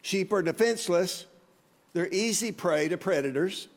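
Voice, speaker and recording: Man in his 50s preaching, high voice, long church echo, earnest and chatty. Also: moderate pace. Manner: earnest, conversational, asks the congregation questions. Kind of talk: sermon. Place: church sanctuary.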